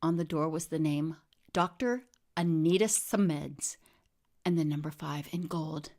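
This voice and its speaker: A woman narrating a comic monologue, deadpan and wry, with a slightly low voice. She slips into whispered asides and half-muttered remarks between lines. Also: a little slow. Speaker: storyteller.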